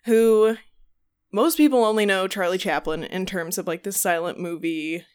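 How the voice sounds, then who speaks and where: A young woman co-hosts a casual chat and tells a long story. She rambles, restarts often and breaks into laughter, with an ordinary mid-range pitch. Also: moderate pace, clear, resonant tone. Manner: rambling, laughing, swearing, many ums and restarts. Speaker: podcast co-host.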